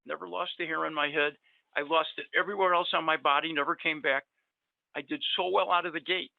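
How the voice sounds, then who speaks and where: A man's voice: on the high side, steady tone, fast, vocal fry, no echo. A middle-aged man telling long, rambling personal stories in casual chat, with many fillers. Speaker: guest dentist. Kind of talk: casual storytelling. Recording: dry tinny phone-like line.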